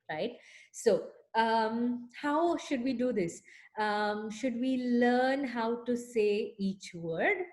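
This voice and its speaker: A young woman music teacher speaking to children, explaining words slowly with fillers like "um" and "uh". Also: a little high. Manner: sings a greeting song, then explains gently with fillers. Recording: echoey room.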